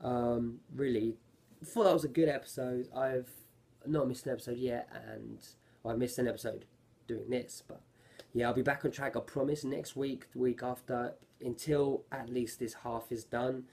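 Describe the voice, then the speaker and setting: A man's voice: mid-range voice, fairly even intonation, moderate pace, gravelly, darkish tone. A man giving a casual, rambling review of an anime episode, often correcting himself mid-sentence. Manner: rambling, self-correcting, lots of fillers.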